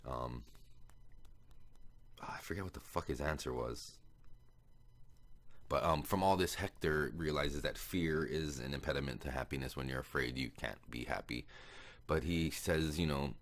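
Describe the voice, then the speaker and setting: Very deep-voiced man rambling a movie recap. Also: normal speed, a bit bright. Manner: rambling, profane, many fillers. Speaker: podcast host.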